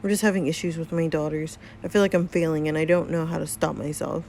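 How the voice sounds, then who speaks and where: A woman's voice: low voice, steady tone, fast, darkish tone, a little hiss or hum. A woman voicing a weary middle-aged mother in a story game, hesitant and apologetic.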